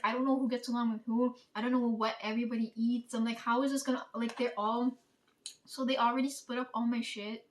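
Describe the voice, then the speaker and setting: A woman telling a story in a casual, chatty way, swearing freely and often breaking into laughter. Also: on the high side. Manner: chatty, profane, laughs while retelling. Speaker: channel host. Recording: voice somewhat distant from mic.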